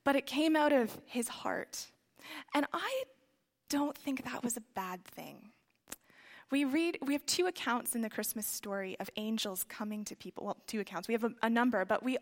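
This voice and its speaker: A woman preaching a sermon in a conversational, reflective way, with soft trailing phrases and frequent fillers. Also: fairly high pitch, lively intonation, moderate pace. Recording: long reverb of a large hall.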